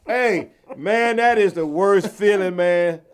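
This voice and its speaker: A man's voice: high-pitched, slow pace. A man co-hosting a sports podcast in casual banter, heated trash talk, dropping "man" again and again. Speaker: podcast co-host.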